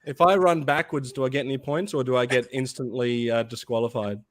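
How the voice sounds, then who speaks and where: A man's voice: medium pitch, steady tone, fairly quick. A man with an Australian accent, chatting casually and joking at his own expense. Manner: self-mocking, joking. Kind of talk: casual chat.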